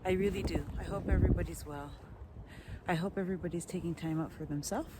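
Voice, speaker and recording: A woman's voice: on the low side, fairly even intonation, fast talker, very noisy. A woman, talking in a rambling, chatty vlog monologue outdoors. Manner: warm, chatty, rambling with restarts. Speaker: vlogger.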